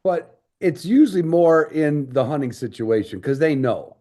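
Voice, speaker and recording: A man's voice: fairly high pitch, animated, normal speed, warm tone. Man spinning a rambling anecdote. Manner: rambling anecdotal, with many restarts. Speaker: podcast host. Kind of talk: casual storytelling chat.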